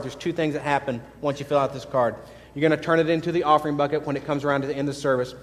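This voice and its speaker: A male pastor with a somewhat high voice giving friendly, step-by-step church announcements. The sound rings with a long echo in a church hall, faint music playing underneath. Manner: friendly, instructional. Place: church sanctuary.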